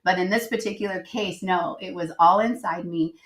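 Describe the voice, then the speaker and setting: A woman's voice: on the low side, normal speed, low-quality recording. A woman guest on a podcast, telling a personal story earnestly and reflectively, with many fillers. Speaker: guest, writer and editor.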